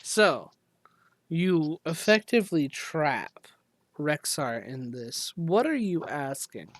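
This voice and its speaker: A game master narrates a tabletop game slowly, building scenes through halting, filler-laden description. The voice sits at a middle pitch in a dry, close sound. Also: big pitch swings, dry recording.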